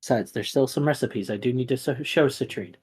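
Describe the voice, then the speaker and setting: A man narrating a tabletop role-playing game as game master, relaxed and full of fillers. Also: medium pitch, a little fast, breathy edge, low-quality recording.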